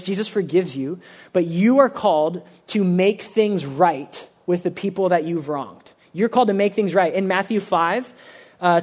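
High-voiced young man preaching casually. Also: darkish tone. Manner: casual, conversational preaching with many fillers; acts out quoted speakers in quick asides. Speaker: pastor. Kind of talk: sermon.

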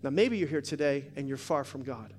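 A man preaching a sermon, telling a story with jokes before dropping to a soft, prayerful tone. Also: mid-range voice, expressive, brisk, soft background music. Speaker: pastor. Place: church sanctuary.

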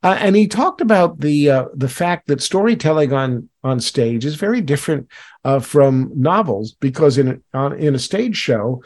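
A man hosting a casual interview, his voice sitting a touch high for a man. He talks in a rambling, self-interrupting way, with plenty of fillers and restarts. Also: lively intonation, moderate pace, darkish tone. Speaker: radio interview host.

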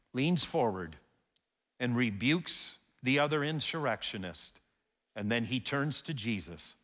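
A man's voice: medium pitch, a bit bright. A man preaching a sermon as pastor, telling the story dramatically and acting out the scene. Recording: long hall reverb.

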